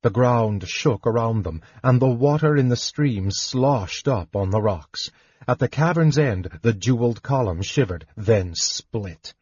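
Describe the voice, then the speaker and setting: A man narrates a fantasy novel in a slow, measured and dramatic reading. His voice is husky and mid-pitched. The recording is dry and a little dull, like a home audiobook. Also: darkish tone, dry recording.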